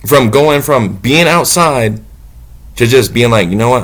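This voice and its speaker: A man gives an unscripted spiritual monologue, cursing freely as he talks. His voice sits in an ordinary middle pitch, dropping low and quiet when he muses and climbing high and loud when he preaches. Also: normal speed. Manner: blunt and profane, swinging between low musing and loud preaching. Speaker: motivational talker.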